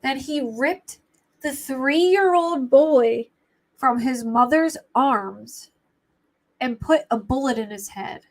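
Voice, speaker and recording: A woman's voice: sits high, takes it slowly. A young adult woman hosting a true crime livestream, chatting casually in a rambling, flustered way and laughing easily.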